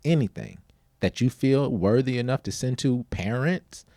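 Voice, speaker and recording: A middle-aged man telling a story on a parenting podcast in an emphatic, animated casual way. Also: medium pitch, normal speed, no room sound, clean studio sound.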